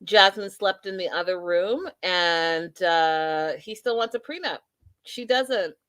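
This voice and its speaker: A woman hosting a live recap show, telling the story with lively, opinionated asides and quoting people as she goes, talking straight to her viewers. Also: fairly low pitch, slow. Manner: addresses viewers directly as y'all and you guys. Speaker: host. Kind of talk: recap and review live stream.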